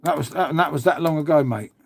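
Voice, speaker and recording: A man's voice: a little high, fast talker, creaky, husky. A man, host of his own livestream, chatting casually and swearing freely. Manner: blokey, swears freely, says "mate" a lot.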